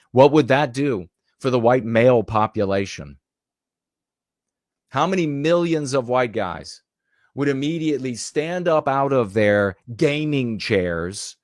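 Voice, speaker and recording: A man's voice: medium pitch, dry recording, clean studio sound. A man giving a rhetorical, indignant commentary monologue, repeating phrases for emphasis. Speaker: political commentator.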